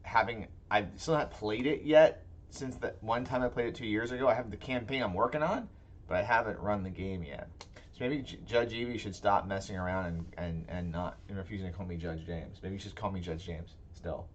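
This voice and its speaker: A man's voice: on the low side, a little fast, dull audio, a little hiss or hum. A man co-hosting a casual tabletop gaming podcast, talking in rambling, self-interrupting chat. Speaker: podcast co-host.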